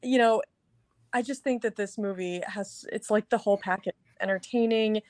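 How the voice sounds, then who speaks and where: Woman gushing about a film, says like a lot, dry close sound, mid pitch. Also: steady tone, normal speed, darkish tone, no echo. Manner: enthusiastic, rambling, many "like" fillers. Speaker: podcast co-host. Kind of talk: casual movie review chat.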